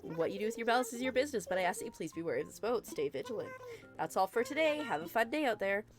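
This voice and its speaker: A woman's voice: medium pitch, lively intonation, very fast, over music, lightly acted. A woman reading out the morning announcements of a cheerful female dog assistant in a video game. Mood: announcing.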